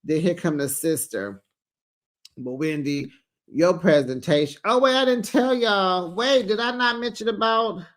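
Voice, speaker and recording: A host giving a casual recap of a reality show, chatty, with quick teasing asides, laughing often and acting out what people said. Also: mid-range voice, expressive, a bit bright.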